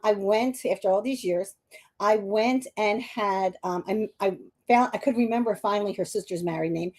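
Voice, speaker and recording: A psychic medium hosting a live stream tells a long personal story while tearful, rambling with many restarts and asides to viewers. Her voice is medium-pitched and a little mellow.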